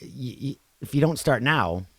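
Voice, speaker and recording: A man co-hosting a podcast in casual chat, getting loud and animated when he tells a story, then dropping low. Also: moderate pace, no room sound. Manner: animated, swings loud for quoted outbursts, then drops low. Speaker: podcast co-host.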